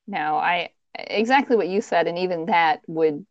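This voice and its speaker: Low-voiced woman chatting on a podcast. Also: dry recording. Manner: halting, searching for words with fillers. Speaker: podcast co-host. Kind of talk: casual true-crime chat. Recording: dull, dry lo-fi recording.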